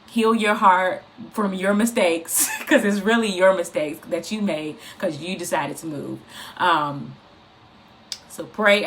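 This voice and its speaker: A woman giving an informal, encouraging faith talk, speaking in an animated, repetitive, conversational way. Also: on the low side, slight background noise. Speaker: inspirational speaker.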